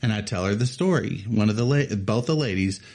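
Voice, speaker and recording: Lively storytelling man in his thirties. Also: lowish voice, fairly quick. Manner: animated storyteller, laughs often, acts out others' lines. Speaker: podcast co-host telling a story. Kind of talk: casual chat.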